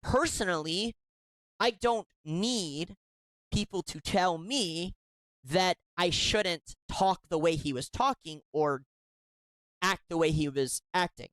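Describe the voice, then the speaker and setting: Here a host reacts with indignant sarcasm to emails read out during a commentary segment, speaking slowly in a mid-pitched, slightly bright voice. Sentences often falter and get restarted midway. The sound is close-miked and dry, free of any room ambience.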